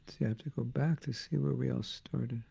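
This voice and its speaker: Older male teacher, mellow and gravelly, casual humorous lecture style. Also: medium pitch, fairly even intonation, a little fast. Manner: joking, conversational, reads viewer comments aloud. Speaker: spiritual teacher. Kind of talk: informal online class.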